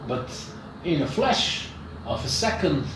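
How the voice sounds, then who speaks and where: A man running a tabletop game, narrating slowly with a lively, rising and falling voice. He sounds far from the mic in a reverberant gaming shop, with a faint background hum. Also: fairly high pitch. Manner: unhurried, searching for words, animated. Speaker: dungeon master. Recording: echoey room, mic far off.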